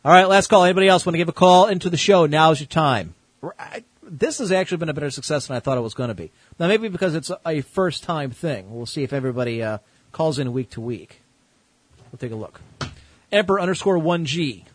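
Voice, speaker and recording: A male host running a casual internet call-in show, chatting loosely and cracking crude jokes. His voice sits slightly high for a man and sounds very dry and close. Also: expressive, fast, slightly rough, no echo, rough recording. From United States. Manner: laid-back, joking, crude.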